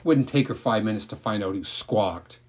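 A man narrating a novel aloud in a calm, measured storytelling manner. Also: on the low side. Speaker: audiobook narrator.

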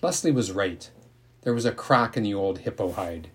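A man narrating a novel aloud in a calm, measured storytelling manner. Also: fairly low pitch, breathy edge. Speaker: audiobook narrator.

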